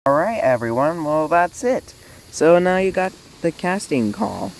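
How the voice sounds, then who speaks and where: A woman with an extremely low voice runs through a fan casting call in a loose, casual way. She rambles, uses many fillers and often restarts her sentences. A steady hiss sits in the background. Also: measured pace, low-quality recording. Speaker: fan series creator running a casting call. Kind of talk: casual spoken announcement.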